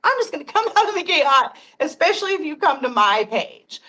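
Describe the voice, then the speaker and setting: Bright high-voiced woman, chatty and animated. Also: fairly quick. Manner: animated storytelling, laughs often. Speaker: guest. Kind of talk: casual livestream chat.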